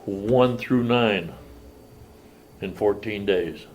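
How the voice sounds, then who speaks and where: A man's voice: fairly low pitch, very slow, highs cut off, slight background noise. An older man telling his recovery story at a meeting, plain-spoken and folksy. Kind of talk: personal testimony at a meeting. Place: meeting room.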